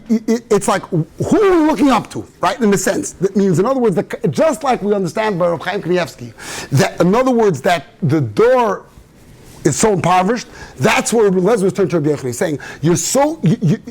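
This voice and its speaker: A man's voice: sits high, very animated, brisk, darkish tone. A man, a rabbi giving an informal Torah talk in a synagogue study hall, telling stories and mixing in Yiddish and Hebrew terms.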